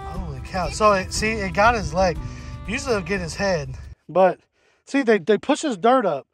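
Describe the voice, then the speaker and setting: A man's voice: high voice, animated, normal speed, a bit bright, soft background music. A man hosting a farm vlog outdoors, explaining pest control in a folksy, rambling way. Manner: folksy, rambling, fillers and restarts. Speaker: farm channel host. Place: outdoors in a hay field.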